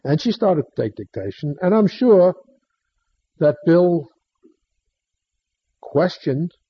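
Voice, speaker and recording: A man with a husky, somewhat high voice tells a story in short phrases, pausing often for emphasis. His delivery is unhurried. The recording sounds dull and lo-fi. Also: sing-song. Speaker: speaker telling a story to an audience. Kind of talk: storytelling talk.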